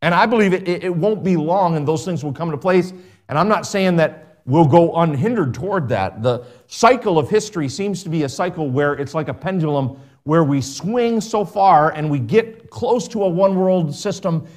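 A man preaching a sermon as pastor, slowing down to stress words and dropping to a soft voice at the ends of phrases. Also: a little high, lively intonation. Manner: preaching with slow emphatic stretches and soft drops.

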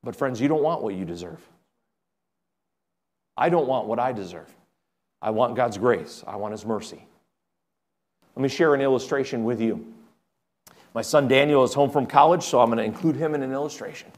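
A middle-aged male pastor delivering a sermon in an earnest, conversational way. He climbs to emphatic, urgent peaks and then drops to quiet, gentle lines. His pitch sits in an ordinary middle range for a man. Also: normal speed, long pauses.

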